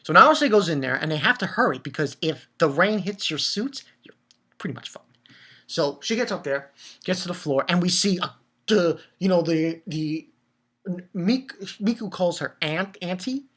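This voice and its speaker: A man giving a casual anime episode recap, excitable and profane, stumbling over repeated words. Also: high voice, normal speed. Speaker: anime reviewer.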